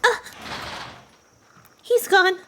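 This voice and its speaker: A woman streamer reading game dialogue aloud in a plain, even manner. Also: drawn-out words, faint music behind.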